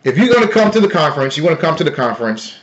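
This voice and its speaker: A man hosting a live stream, talking loudly and playfully to his viewers in a casual sales pitch. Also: big pitch swings, very fast, highs cut off, a little hiss or hum. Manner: loud, playful, talks to chat. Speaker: livestream host.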